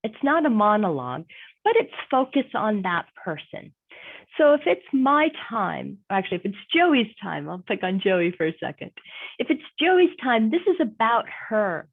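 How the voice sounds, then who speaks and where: A woman's voice: mid-range voice, very animated, moderate pace, vocal fry. A woman career coach giving an online workshop presentation, conversational and emphatic, repeating her key points. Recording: tinny phone-like audio.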